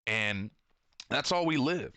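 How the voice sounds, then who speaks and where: A man's voice: medium pitch, expressive, slow pace, pushed and bright, clear, resonant tone, no echo. A man in his thirties talking casually, rambling, swearing a lot and acting out quotes as he tells stories. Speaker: podcast host and shop owner. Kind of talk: casual profane monologue.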